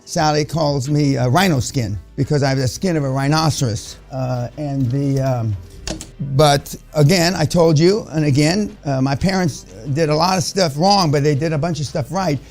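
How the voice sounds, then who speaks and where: A man's voice: fairly high pitch, moderate pace, a little mellow, faint music behind. An older man giving a blunt, profane motivational lecture to a seminar audience, rambling with many restarts. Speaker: seminar speaker.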